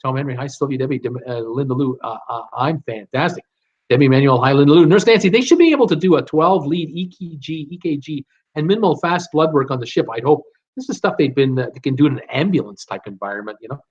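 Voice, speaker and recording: A man's voice: mid-range voice, animated, fast, slightly rough. A middle-aged man hosting a live stream, casually reading out viewer comments and answering them with many fillers and restarts. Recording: dull lo-fi stream audio.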